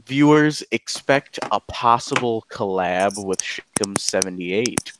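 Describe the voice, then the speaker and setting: A man's voice: on the low side, expressive, takes it slowly, noisy background. A young man co-hosting a casual podcast over a call, playful and often laughing. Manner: giggly, playful. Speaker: podcast co-host. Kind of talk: casual chat.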